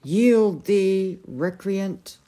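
A woman's voice: fairly low pitch, lively intonation, takes it slowly, a little mellow. A woman voicing a bumbling, whiny king in a storybook reading, petulant and plaintive. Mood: pleading. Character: bumbling, whiny middle-aged king, a knight.

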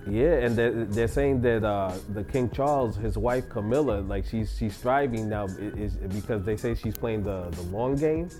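A man with a Puerto Rican accent co-hosting a radio talk show, easygoing and halting, with many fillers. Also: on the low side, music in the background. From Puerto Rico. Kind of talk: casual banter on a radio show.

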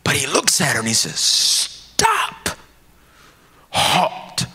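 A man preaching a sermon, swinging from hushed, quiet lines to shouted ones. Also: medium pitch, big pitch swings, quick pace, husky, big-room sound.

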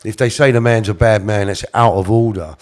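Speaking a little fast in a lowish register with fairly even intonation, this middle-aged interview guest wanders through a casual anecdote. He keeps correcting himself and now and then imitates other people's voices.

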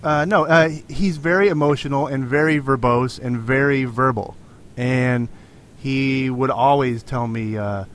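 A man's voice: medium pitch, fairly even intonation, unhurried. A man co-hosting a talk show, trading casual banter with dry, understated remarks. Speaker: co-host.

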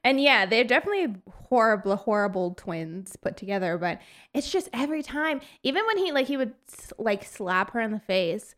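A woman's voice: a little high, animated, normal speed, a bit bright. A woman co-hosting a casual chat about a film, laughing often and acting out lines. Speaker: podcast co-host.

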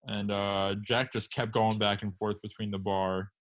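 A young man in casual chat, telling a story in an animated way with swearing. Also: lowish voice, a little slow. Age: young adult. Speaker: storyteller friend.

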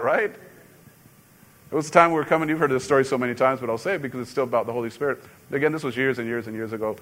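A middle-aged man, a pastor, preaching a sermon in a conversational, storytelling way with sudden loud emphasis. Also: mid-range voice.

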